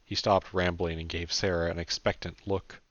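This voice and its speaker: Man narrating an audiobook, low voice, plain delivery, dull lo-fi sound, dry. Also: level tone, normal speed, a bit bright, dry recording. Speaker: author and narrator.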